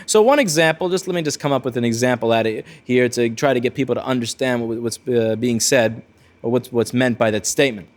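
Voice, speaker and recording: A man's voice: medium pitch, a little fast. A man hosting his own video, telling a rambling, blunt story with frequent restarts. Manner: rambling, self-correcting, blunt. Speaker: repair-shop video host. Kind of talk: casual storytelling monologue.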